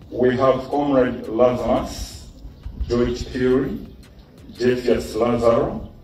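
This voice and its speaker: An older man giving a formal, measured funeral tribute on behalf of friends, speaking slowly and deliberately. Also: mid-range voice, warm tone, very echoey, recorded from a distance, slight background noise, low-quality recording. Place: outdoor funeral gathering.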